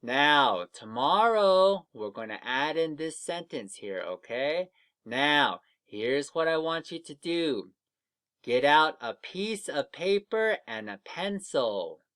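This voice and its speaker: A man teaching young children to read, leading slow, patient drills of letter sounds for an online lesson. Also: fairly high pitch, big pitch swings, fairly bright tone.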